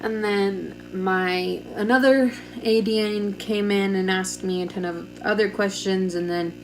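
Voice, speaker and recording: Young woman, casual storytelling, chatty, lots of fillers, middle pitch. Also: slight background noise. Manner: chatty, lots of "like", acts out quoted dialogue. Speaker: vlogger.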